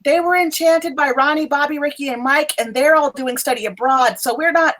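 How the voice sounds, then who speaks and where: A woman's voice: high voice, a little fast, a bit bright, pitched above the performer's own voice. A woman voicing a female professor who asks older students for help in a tabletop role-playing game. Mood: earnest.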